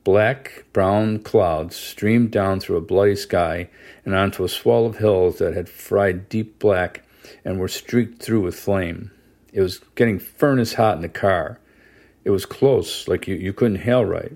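A man reading a first-person novel aloud as an audiobook narrator, steady and measured. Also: low-pitched. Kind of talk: scripted narration.

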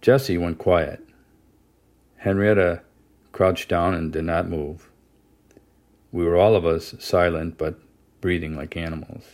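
A man reading a first-person novel aloud as an audiobook narrator, steady and measured. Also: deep voice. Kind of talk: scripted narration.

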